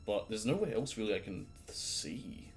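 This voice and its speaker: A low-pitched man talks his way through a game stream, his voice leaping up and down as he mutters, swears and laughs to himself. He's shivering slightly from the cold, and game music plays clearly behind him. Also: wildly swooping pitch, moderate pace. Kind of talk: casual let's-play commentary.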